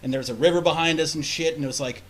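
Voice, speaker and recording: A man's voice: a little high, rapid-fire, a loud crowd. A man on a casual podcast telling a long, rambling, profane story with many restarts. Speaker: podcast host.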